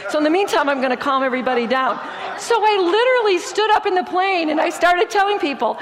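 A woman giving a sermon-style testimony, telling stories in a lively way and acting out what people said. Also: very high voice, fast talker, hardly any pauses, some chatter behind. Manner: lively storytelling, acting out quoted speech. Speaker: speaker sharing testimony. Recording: long hall reverb.

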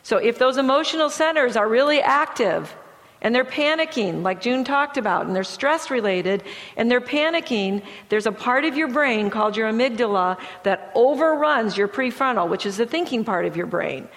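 A woman's voice: fairly high pitch, animated, normal speed, fairly bright tone. Emphatic woman lecturing in a reverberant hall. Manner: conversational and emphatic, acts out inner thoughts. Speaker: Christian teacher on chronic pain. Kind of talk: slide lecture.

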